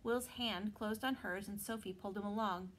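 A woman teacher reads a novel aloud to her students. Her storytelling is expressive, and her pitch sits in a middle range. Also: moderate pace, a little hiss or hum, rough recording.

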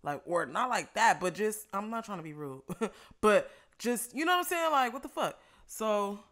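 A young woman casually telling a story while eating, animated and profane, laughing often. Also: medium pitch, normal speed. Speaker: vlogger.

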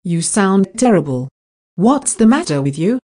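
A woman reading simple scripted practice dialogues in a slow, even textbook delivery. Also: mid-range voice. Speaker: dialogue reader for English practice.

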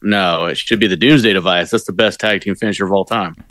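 Male co-host, lowish voice, dry close sound, quick joking asides. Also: a bit bright, dry recording. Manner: brief agreeing replies, joking. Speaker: podcast co-host. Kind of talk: casual podcast chat.

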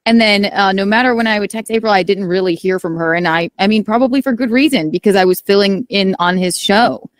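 A woman guest in casual chat, telling stories quickly and acting out quoted remarks. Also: medium pitch, no echo.

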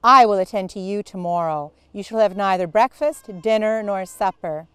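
A stern, enraged headmistress barks orders and cuts with withering scorn, as a woman reads her lines aloud. Her tone is clear and smooth, and the recording is close and dry. It sounds like a storybook read aloud. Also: fairly low pitch, moderate pace, no echo, natural voice. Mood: withering, commanding. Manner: cold, commanding, withering. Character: stern furious headmistress, middle-aged woman.

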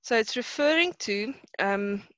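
A woman teaches a class over a video call. She explains a poem slowly and hesitantly, and she often repeats words as she searches for them. The sound is dull and dry, like a computer microphone. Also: a little high, lively intonation, a bit bright, no echo. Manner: explains slowly, mixing in Afrikaans terms. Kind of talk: online lesson explaining a poem.

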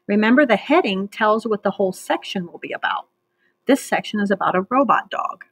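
Patient woman teacher with a gravelly, husky voice. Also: medium pitch, lively intonation, a bit bright, no echo. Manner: patient, slow and clear, drawing out words for syllable clapping. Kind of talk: read-aloud reading lesson for children.

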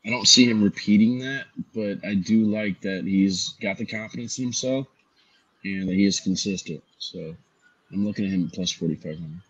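A man co-hosting a sports podcast, talking through his betting picks in a measured, analytical way. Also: fairly low pitch, a bit bright, slightly rough, no room sound, dull audio. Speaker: co-host.

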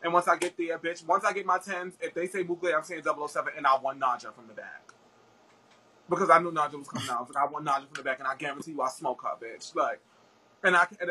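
Fast, breathy young woman talking. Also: low-pitched, sharp tone, rough recording. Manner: fast, slangy and profane, many fillers. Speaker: guest. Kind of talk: casual interview chat.

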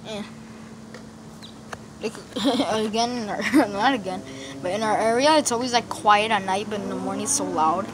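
Holding a phone camera toward herself outdoors in a yard by a road, a woman vlogs casually, rambling with slang and many fillers. She has a mid-range voice, speaks at a moderate pace, and pauses often. Street traffic and outdoor ambience fill the background of the phone recording.

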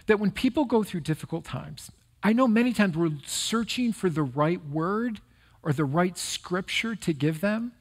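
A middle-aged male pastor giving a conversational, earnest sermon that turns emotional during personal stories. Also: fairly high pitch.

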